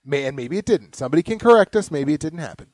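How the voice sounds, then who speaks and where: A man's voice: on the high side, expressive, quick pace, darkish tone, dry recording. A man co-hosting a podcast in casual chat, rambling, swearing and joking. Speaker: podcast co-host. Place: home basement.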